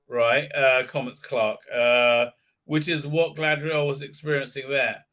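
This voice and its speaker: A man's voice: mid-range voice, steady tone, unhurried, a bit bright. Sarcastic man ranting. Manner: sarcastic, swears, mocks what he reads with put-on silly voices; hesitant, many fillers and restarts. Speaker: host of a live commentary stream. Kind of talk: casual ranting commentary.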